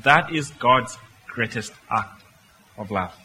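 A man's voice: mid-range voice, expressive, slow, pushed and bright, a little hiss or hum, rough recording. A man preaching a sermon, speaking emphatically and putting rhetorical questions to his listeners.

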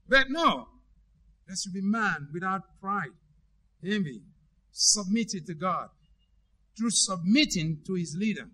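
A man preaches to his congregation in a high, notably bright and cutting voice. He drives points home with emphasis, then drops to quiet, earnest asides. His delivery is lively and pastoral. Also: takes it slowly, long pauses. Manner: emphatic, swings between loud and hushed. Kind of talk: sermon.

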